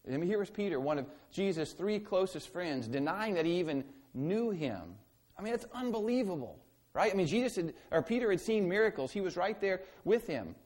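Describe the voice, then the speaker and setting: A man's voice: fairly high pitch, darkish tone. A man preaching a sermon as pastor, earnest and asking his listeners direct questions.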